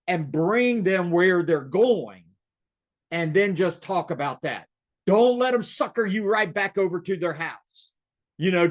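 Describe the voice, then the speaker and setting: A man giving a motivational sales coaching talk over a video call. He is emphatic, repeats his key phrases and speaks straight to his audience. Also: sits high. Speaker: real estate sales coach. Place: online meeting.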